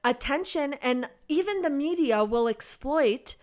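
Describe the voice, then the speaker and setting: A woman's voice: high-pitched, lively intonation, measured pace, a little mellow. A young woman co-hosting a podcast, chatting casually and gushing about a movie, giggling often. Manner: giggly, gushing, many "like" fillers. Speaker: podcast co-host. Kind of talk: casual chat.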